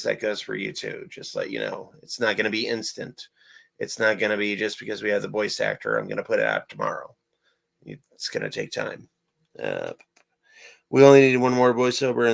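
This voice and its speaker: A man's voice: fairly low pitch, gravelly, a bit bright, poor audio. A young man talking casually in a vlog about his writing and animation work, rambling and repeating himself with many fillers. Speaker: amateur animator and writer.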